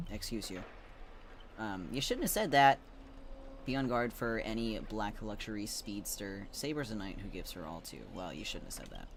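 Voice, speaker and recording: A man's voice: lowish voice, a little hiss or hum. A man streaming a game, joking casually and reading the characters' lines aloud.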